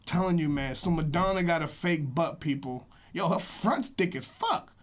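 A man's voice: fairly high pitch, normal speed. A man co-hosting a podcast in casual chat, joking and teasing his friend with slangy talk and frequent laughs. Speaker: podcast co-host.

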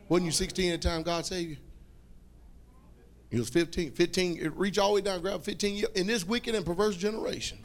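Preacher guy, high bright voice, hollers and repeats himself, call and response. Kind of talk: fiery sermon.

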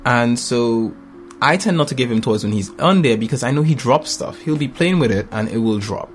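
Animated storytelling dad, mid-pitched. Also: male voice, moderate pace, faint music behind. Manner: animated storyteller, acts out voices with big pitch jumps and laughter. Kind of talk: casual storytelling chat.

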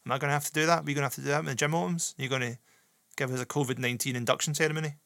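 A man's voice: medium pitch, steady tone, rapid-fire, creaky, fairly bright tone, no room sound, clean studio sound. A Scottish man co-hosting a podcast in casual chat, ranting and swearing freely. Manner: ranty, heavy swearing. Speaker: podcast co-host.

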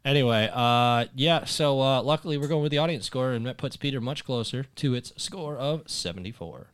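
A man's voice: mid-range voice, normal speed, smooth. A man hosting a casual podcast chat, rambling and swearing often. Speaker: host.

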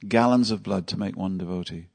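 Speaking a little fast with a deep, darkish voice and vocal fry, the man leads a devotional session at a temple, telling stories casually and quizzing his audience.

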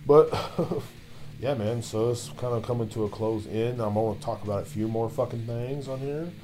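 A man's voice: medium pitch, normal speed, warm tone, a little hiss or hum. A man hosting his own podcast, ranting loosely with constant swearing while he drinks a beer. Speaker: podcast host. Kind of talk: profane solo podcast rant.

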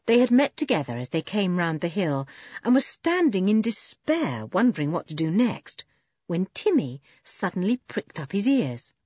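A woman reading a children's storybook aloud in an expressive, animated way. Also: lowish voice, moderate pace, slightly rough, dry recording, lo-fi sound. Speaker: audiobook narrator. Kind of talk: storybook narration.

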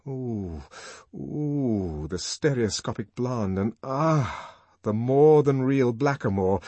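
A man narrating a novel in an audiobook with expressive, lively delivery. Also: mid-range voice, measured pace, breathy edge, no room sound. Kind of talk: novel reading.

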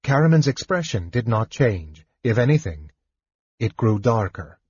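A man narrating a fantasy audiobook in a measured, expressive storytelling manner. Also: medium pitch, breathy edge, no echo. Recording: dull lo-fi dry recording.

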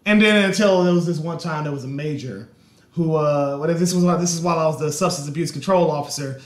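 A young man in his twenties hosts a casual podcast chat in an echoey room. His voice sits high for a man, and he talks loudly off the cuff, swearing freely. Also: quick pace. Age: 20s. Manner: profane, loud, talks off the cuff. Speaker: host.

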